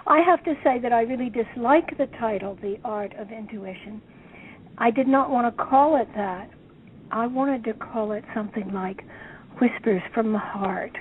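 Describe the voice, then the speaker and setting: A woman author being interviewed, speaking in a slow, thoughtful, musing way over a phone line. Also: on the high side. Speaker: author guest. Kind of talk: reflective interview talk. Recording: tinny phone line, faint noise.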